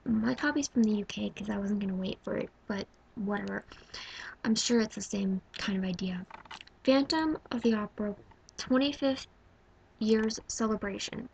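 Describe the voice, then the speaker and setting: A woman in her twenties vlogging casually about her favorite movies. She gushes, swinging from loud exclaiming to hushed whispers. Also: mid-range voice, moderate pace, vocal fry, a little hiss or hum, poor audio. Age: 20s. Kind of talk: casual movie-ranking vlog.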